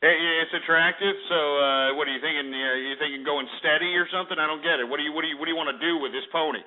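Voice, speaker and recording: A man hosting a call-in radio show, ranting and berating his callers. His voice sits high and he swings from shouting to muttering. The sound is thin and phone-like, like cheap internet radio. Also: racing. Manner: loud, insulting, ranting. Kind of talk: abrasive call-in radio talk.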